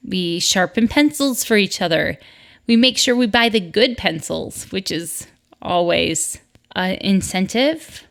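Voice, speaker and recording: A woman's voice: medium pitch, expressive, measured pace, gravelly. A middle-aged woman from the northern United States hosting a solo podcast, chatty and upbeat, with asides. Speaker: podcast host.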